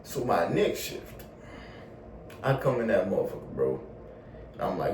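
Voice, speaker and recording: A young man telling a casual storytime vlog in slangy, animated talk full of swearing. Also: deep voice, measured pace, long pauses, distant mic, slight background noise. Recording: roomy echo, a bit off mic, faint ambience.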